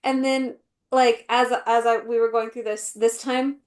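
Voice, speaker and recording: A woman co-hosting a podcast in casual chat, animated and full of fillers, often acting out quotes. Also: on the high side, measured pace. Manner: animated, acts out quotes in voices, many fillers. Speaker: podcast co-host.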